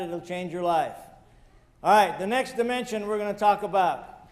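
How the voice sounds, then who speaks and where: A man's voice: high voice, normal speed, long reverb tail. A man giving a motivational lecture, telling personal stories with joking asides and talking straight to his audience. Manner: joking asides, chuckles at own jokes; addresses audience directly, emphatic. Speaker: guest speaker.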